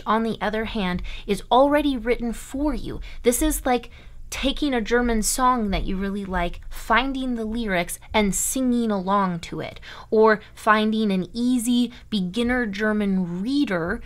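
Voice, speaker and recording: A woman from Iowa, teaching German online in an emphatic, chatty way that keeps checking in with "okay?". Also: medium pitch. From Iowa, USA. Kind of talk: online language lesson.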